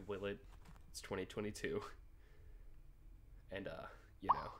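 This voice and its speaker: A man's voice: sits low, steady tone, unhurried, gravelly, long pauses, a little hiss or hum. A young man casually commenting on a texting game, rambling and joking with frequent swearing and laughter. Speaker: gaming YouTuber. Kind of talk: casual let's play commentary.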